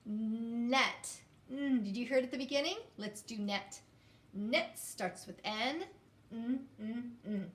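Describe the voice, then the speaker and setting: A woman teaching a phonics lesson to young children, sounding words out slowly and inviting them to repeat after her. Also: on the high side, echoey room, far from the mic. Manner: slow, drawn-out sounding out of words.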